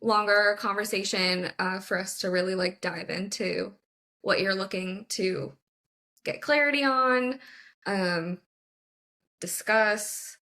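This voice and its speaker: A woman tarot reader, a podcast guest, talking in a relaxed, easygoing way over a video call. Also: mid-range voice, takes it slowly. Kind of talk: casual chat.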